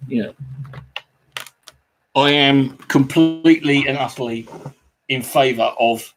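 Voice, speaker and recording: A man's voice: mid-range voice, takes it slowly, over music. A man hosting a livestream, giving sardonic casual commentary over radio clips.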